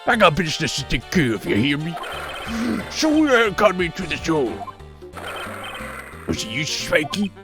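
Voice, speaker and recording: A hot-tempered male thug barks threats in rough street talk, as a streamer puts him on during a live game stream. The voice swoops up and down as he blusters, and game music plays clearly beneath. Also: mid-range voice, very animated, moderate pace, pauses often, close to an everyday voice. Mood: threatening. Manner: growling, bullying, street-tough talk.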